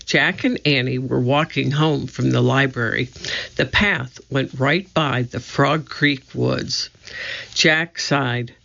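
A narrator reading a children's book aloud in an expressive storytelling manner. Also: medium pitch, slow, gravelly, highs cut off. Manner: expressive storytelling, voicing each character. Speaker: audiobook narrator.

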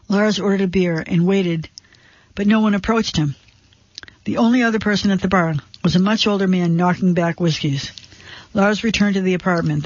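A man with a high voice narrates a dark suspense story in measured, tense tones. The recording is dry and a little dull, with no room sound at all. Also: dry recording.

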